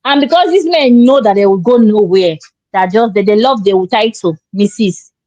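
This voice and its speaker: A woman's voice: medium pitch, moderate pace, a little mellow, no echo. A woman, co-hosting a relationship show and giving emphatic, preachy advice. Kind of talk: opinionated advice talk. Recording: dull lo-fi sound.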